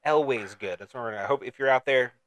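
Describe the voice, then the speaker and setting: A man's voice: medium pitch, fast talker, fairly bright tone, no room sound. A man co-hosting a podcast, chatting casually about a movie in a playful, riffing way with frequent restarts. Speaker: podcast co-host. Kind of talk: casual movie-discussion chat.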